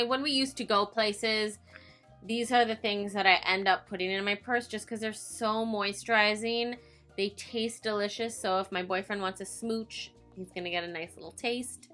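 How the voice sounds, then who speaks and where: A woman's voice: mid-range voice, normal speed, sharp tone, faint music behind. A young woman reviewing makeup in a vlog, chatty, giggly and self-mocking, tired from filming late at night. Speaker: beauty vlogger.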